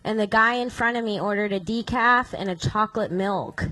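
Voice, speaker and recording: A woman's voice: medium pitch, normal speed, pushed and bright, dry recording, rough recording. A young woman performing a stand-up routine, telling a chatty anecdote. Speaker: stand-up comedian.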